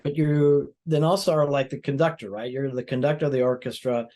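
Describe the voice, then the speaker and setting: Male doctor guest, calm explanatory talker, average pitch, lots of filler phrases. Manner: explanatory, measured, frequent "you know" fillers. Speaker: plastic surgeon guest. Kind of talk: interview answers.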